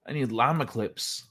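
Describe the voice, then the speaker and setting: Laid-back man swearing through a stream. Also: a little high. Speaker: livestream host. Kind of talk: casual livestream chat reacting to clips.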